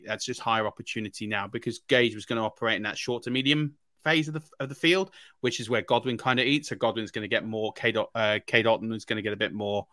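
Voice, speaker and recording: A man's voice: lowish voice, pushed and bright, dry recording, studio quality. A man co-hosting a fantasy football podcast, talking through draft picks in a casual, emphatic way with frequent restarts and laughs. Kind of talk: casual sports analysis chat.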